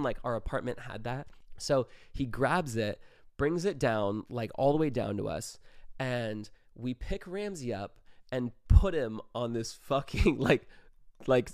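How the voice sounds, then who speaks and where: A young man in his twenties recounts a wild night in a loose storytime voice, tossing in "like" and swear words and laughing along. His pitch sits mid-range for a man. The sound is dry and close, with no room around him. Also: no room sound. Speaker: vlogger telling a story. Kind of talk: casual storytime.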